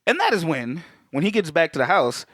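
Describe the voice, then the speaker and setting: A man's voice: a little high, huge pitch swings, fairly bright tone, no echo. Swearing male podcast co-host, dry sound. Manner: swears a lot, acts out lines in quick voices. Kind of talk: casual film-recap chat.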